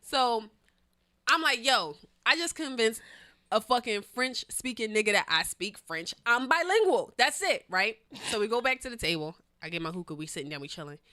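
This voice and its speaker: An animated woman podcast host with a bright, cutting voice. Her pitch jumps all over as she tells stories and swears freely. The recording is close and dry. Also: moderate pace, dry recording. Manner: animated storyteller, swears freely, laughs often. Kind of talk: casual chat, storytelling.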